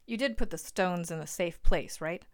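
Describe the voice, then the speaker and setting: A man's voice: high-pitched, normal speed. A blunt, crude older father, as a woman narrator puts him on in a storybook. He talks business plainly and brags, voice lifted a little above her own. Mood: scheming.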